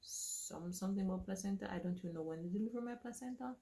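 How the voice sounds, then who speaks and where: A woman telling her own story to camera in a casual, animated way, acting out what others said to her. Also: medium pitch, quick pace, gravelly.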